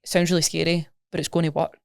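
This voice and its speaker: Scottish woman, quick chatty coach, lowish voice, dry close sound. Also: creaky, dry recording. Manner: chatty, rapid, animated explaining with examples. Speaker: nutrition coach, guest. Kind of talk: casual podcast interview.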